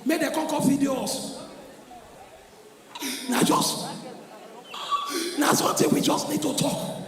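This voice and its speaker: A man with a Nigerian accent doing live stand-up comedy, telling stories loudly and with energy in Pidgin. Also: very high-pitched, slow pace. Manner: loud, animated storytelling in Pidgin. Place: large venue stage before an audience. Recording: echoey hall with crowd noise.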